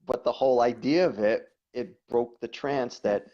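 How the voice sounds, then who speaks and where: A man, a guest coach, talking casually and telling stories in an animated way, often repeating words. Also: mid-range voice, normal speed. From New York. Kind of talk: conversational storytelling. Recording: dull lo-fi audio.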